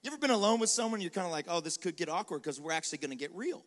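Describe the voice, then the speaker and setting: A male pastor preaching a sermon in a lively, conversational style, with quick acted asides and dares to the congregation. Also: high voice. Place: large venue with live congregation. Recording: long hall reverb.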